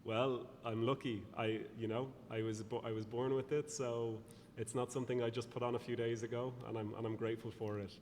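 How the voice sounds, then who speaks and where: A man's voice: mid-range voice, little pitch movement, darkish tone. Lilting Irish man, reverberant room. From Ireland. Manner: lilting, thoughtful, measured. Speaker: guest speaker. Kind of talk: conversational podcast interview. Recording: reverberant room with faint noise.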